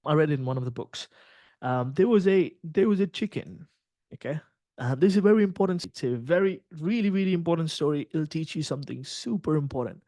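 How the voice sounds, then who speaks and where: A man's voice: on the high side, animated, fairly quick, warm tone, dry recording. A man, a trading mentor, talking casually on a video call, rambling, full of slang and cursing as he tells a story to his students.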